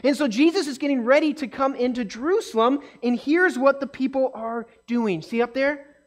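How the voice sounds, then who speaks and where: A woman telling a Bible story to children in an animated way, often asking the kids questions. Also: high-pitched, moderate pace. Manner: acts out voices and quotes in the story.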